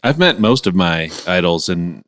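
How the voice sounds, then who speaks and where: Male podcast host, very deep voice, relaxed and chatty. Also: normal speed. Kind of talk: casual interview.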